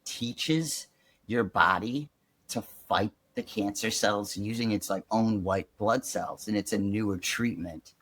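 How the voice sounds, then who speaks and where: A young man with a fairly low voice tells his story as a podcast guest, loose and conversational, dropping "like" into nearly every phrase. He grew up in Chicago. The sound is close and dry, with no room around it. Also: takes it slowly, dry recording. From Chicago, USA. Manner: chatty, peppered with "like", animated retelling.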